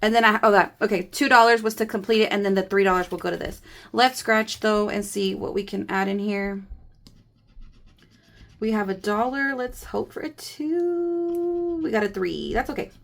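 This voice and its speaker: Gravelly-voiced woman chatting candidly. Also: mid-range voice, normal speed, fairly bright tone. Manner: rambling and candid, counting cash aloud. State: grieving. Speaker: budgeting vlogger. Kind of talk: casual chatty vlog.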